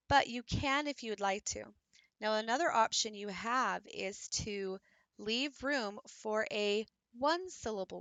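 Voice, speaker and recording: Female teacher, crisp bright tone, dry close-mic sound, patient hands-on tutorial delivery. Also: medium pitch, dry recording. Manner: patient step-by-step explaining, demonstrating while working. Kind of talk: instructional craft tutorial.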